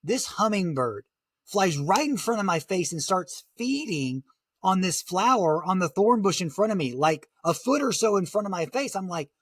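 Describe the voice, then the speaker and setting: Man, high voice, dry close sound, vivid halting storytelling, lots of fillers. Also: sing-song, breathy edge, no echo. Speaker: guest, motivational speaker. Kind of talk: conversational storytelling.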